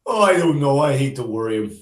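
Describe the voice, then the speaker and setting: Man playing rough male newspapermen, slangy banter, lively pitch, roomy echo. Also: a little fast, close to an everyday voice. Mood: gruff. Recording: echoey room.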